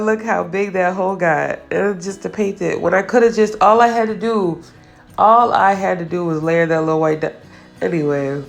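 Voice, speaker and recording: A woman's voice: medium pitch, moderate pace, vocal fry, faint music behind. A woman nail artist giving a casual voice-over for her nail art tutorial, chatty and teasing herself about her own mistakes.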